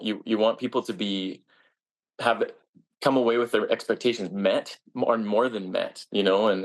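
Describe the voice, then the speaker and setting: A man, a stage actor, answering interview questions in an earnest, reflective way with frequent restarts. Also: lowish voice.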